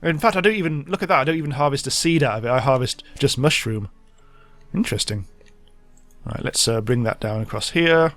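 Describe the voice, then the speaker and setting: A man's voice: a little high, brisk, faint music behind. A man hosting a let's play, giving rambling, self-mocking commentary as he thinks aloud. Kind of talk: casual gameplay commentary.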